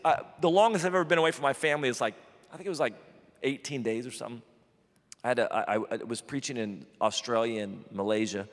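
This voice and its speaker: A male pastor telling a funny personal story in a sermon, animated and self-deprecating, with quick asides. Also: medium pitch. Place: church auditorium. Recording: large hall with long reverb.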